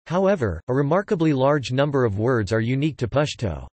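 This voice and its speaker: A man's text-to-speech voice reading an encyclopedia article in an even, mechanical way. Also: mid-range voice, no echo. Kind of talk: synthetic encyclopedia narration.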